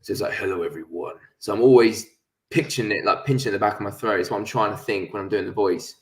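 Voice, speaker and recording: A man's voice: lowish voice, steady tone, very fast, fairly bright tone. Fields: man, echoey room. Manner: chatty, laughing, swears freely. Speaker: actor and interview guest. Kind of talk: casual interview chat.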